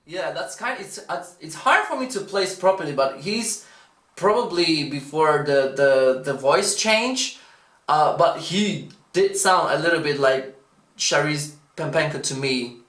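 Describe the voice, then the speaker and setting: A vocal coach offers casual, enthusiastic reaction commentary in a mid-range, fairly bright voice, animated yet unhurried, often bursting into exclamations. The recording has a roomy echo with faint music behind.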